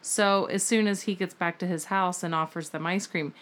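A woman in her thirties co-hosting a casual podcast, telling family stories in a lively way and acting out quotes. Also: lowish voice, normal speed, over a noisy crowd. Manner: lively storyteller, acts out quotes. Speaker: podcast co-host. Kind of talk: casual chat, storytelling.

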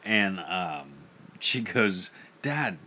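A man's voice: low-pitched, expressive, extremely slow, pushed and bright, a little hiss or hum. A man in his thirties co-hosting a casual podcast, laughing often and talking in a playful way. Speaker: podcast co-host. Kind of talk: casual chat.

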